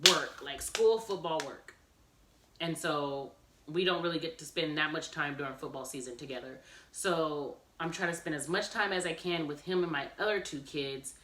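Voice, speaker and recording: A woman's voice: fairly low pitch, a bit bright, slight background noise. Chatty woman in an echoey room. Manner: chatty retelling, acting out quoted dialogue. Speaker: vlogger. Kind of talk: casual storytelling vlog. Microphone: phone camera. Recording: echoey room, mic at a distance.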